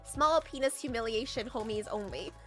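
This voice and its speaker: A young adult woman streamer chatting casually with viewers, teasing and often breaking into loud laughter. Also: on the high side, normal speed, faint music behind. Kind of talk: casual livestream chat.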